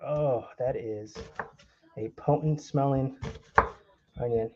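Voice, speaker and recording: A young man streams himself cooking in his home kitchen, keeping up a chatty, joking conversation with viewers. He talks slowly in a medium-pitched voice, over dull audio and a noisy background.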